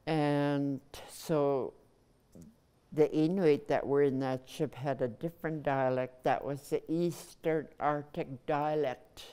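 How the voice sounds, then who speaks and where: Older woman, low voice, unhurried, smooth clear tone, pausing recollection. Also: fairly even intonation, dark tone. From Nunavut, Canada. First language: Inuktitut. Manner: measured, pausing between phrases. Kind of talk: personal recollection.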